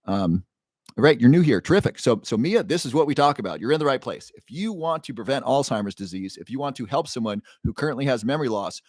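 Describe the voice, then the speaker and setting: A man's voice: animated, fast, darkish tone, dry recording. Man, livestream host, upbeat, chatty, greets viewers, dry recording. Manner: upbeat, greets chat by name, sales pitch. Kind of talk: casual livestream chat.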